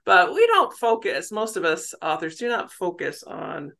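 Bright, chatty American novelist, a middle-aged woman with self-deprecating humor. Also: on the low side, big pitch swings, measured pace, gravelly. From United States. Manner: chatty, laughs easily, warm self-deprecating. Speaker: novelist guest. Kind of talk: casual interview talk.

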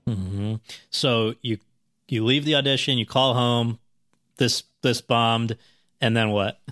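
A male interviewer asks long questions, often restarting as he goes. His mid-pitched voice is recorded dry and close. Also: fairly even intonation, slow pace, fairly bright tone, dry recording.

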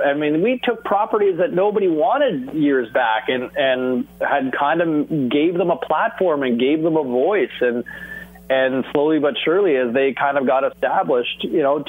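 A man's voice: a little high, slightly rough. A middle-aged man from Canada telling a story about his broadcasting career in a casual interview, acting out bits of dialogue. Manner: animated, acts out phone dialogue. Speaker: sports broadcaster guest. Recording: tinny phone-like audio.

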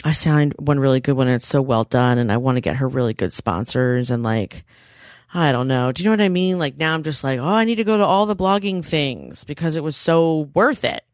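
A woman's voice: a bass voice, fairly quick, darkish tone, no echo, studio quality. A woman in her thirties co-hosting a podcast, telling stories in casual chat and swearing freely. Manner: chatty storyteller, swears freely. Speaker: podcast co-host.

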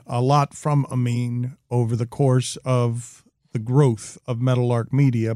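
A man's voice: medium pitch, vocal fry, warm tone, dry recording, clean studio sound. A man hosting a podcast, chatting casually and encouraging his guest. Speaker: podcast host. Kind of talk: casual chat.

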